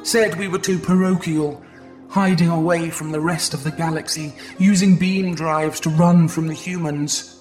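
A woman voicing a weary, grieving alien mother in a hushed, low voice for an audiobook. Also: fairly even intonation, normal speed, soft background music, close to an everyday voice. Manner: low, hushed, heavy delivery. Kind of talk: audiobook character voice.

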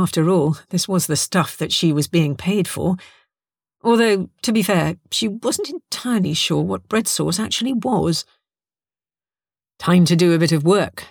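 Wry female storyteller, lowish voice. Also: creaky, dry recording, clean studio sound. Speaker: narrator. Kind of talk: scripted narration of a story.

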